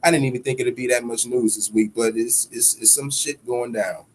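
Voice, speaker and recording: A man hosting a boxing podcast alone delivers heated, profane commentary at normal speed, repeating himself for emphasis. His intonation stays fairly even apart from sudden swells in pitch and loudness, and there's a little hiss or hum.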